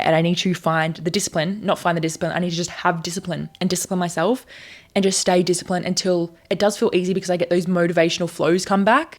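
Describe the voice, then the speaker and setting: A young woman in her twenties speaks quickly and earnestly straight to camera. Her pitch sits a little low for a woman, and she rambles and restarts as she thinks aloud in a candid confessional vlog. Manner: earnest, rambling, self-reflective. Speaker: content creator.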